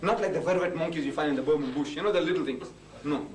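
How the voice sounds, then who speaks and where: A man's voice: on the high side, quick pace, slight background noise. A man giving a religious lecture, pressing the audience with emphatic rhetorical questions. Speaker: Islamic preacher. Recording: echoey room from a distance, faint ambience.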